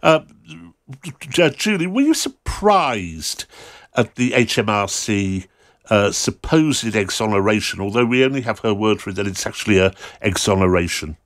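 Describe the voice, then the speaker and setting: A man's voice: fairly low pitch, expressive, moderate pace. A man with a British accent hosting a talk radio show, wry and sardonic with chuckling asides. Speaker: radio host.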